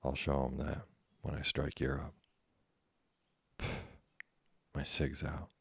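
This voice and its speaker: A swaggering teenage boy who brags in slang, read by a man. The voice sits extremely low and stays flat, with a husky rasp and a dry, close sound. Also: slow, dry recording, full character voice. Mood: brash. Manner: cocky, slangy bragging. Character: brash boastful American teenage boy.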